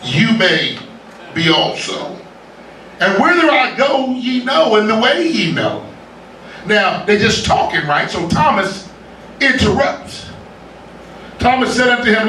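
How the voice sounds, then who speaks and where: Man, pastor, lively joking sermon, high and bright voice, echoey church from a distance. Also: slow, long pauses, slight background noise. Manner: lively, joking, with laughter from the congregation. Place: church sanctuary.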